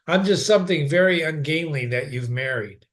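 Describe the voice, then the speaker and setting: A pregnant young wife, teasing and affectionate, talking gently to her husband in a storybook reading, as a male reader puts her on. The voice sits a little high and soft. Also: moderate pace, lightly acted. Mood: tender. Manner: affectionate, playful.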